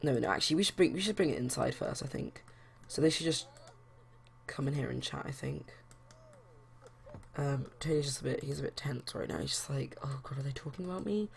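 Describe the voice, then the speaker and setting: A woman's voice: rumbling low, a little fast, vocal fry. A young woman chatting casually as a let's play host, rambling with lots of fillers. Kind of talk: casual game commentary.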